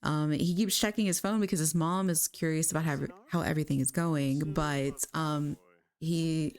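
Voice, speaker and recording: Woman, chatty, animated, frequent fillers, life-sim let's play storytelling, slightly low voice. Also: normal speed. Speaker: gaming creator.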